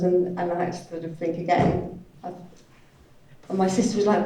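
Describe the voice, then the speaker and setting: A woman voicing a deaf presenter's talk at a conference, halting and hedging with many "sort of" and "you know" fillers. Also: mid-range voice, warm tone, a little hiss or hum. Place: large conference hall. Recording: echoey hall from a distant mic.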